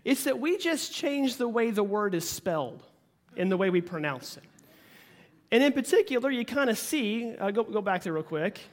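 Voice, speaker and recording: This pastor, with a light Oklahoma accent and a voice high for a man, preaches a sermon at a moderate pace. His style is relaxed and folksy, full of jokes and playful asides.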